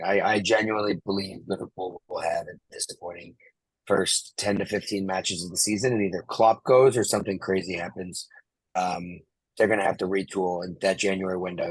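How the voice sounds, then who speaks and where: A man with a very deep, husky voice makes blunt, confident soccer predictions. The sound is dry and close. He talks in a loose, casual podcast way. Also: dry recording, low-quality recording. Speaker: podcast co-host. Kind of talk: casual sports chat.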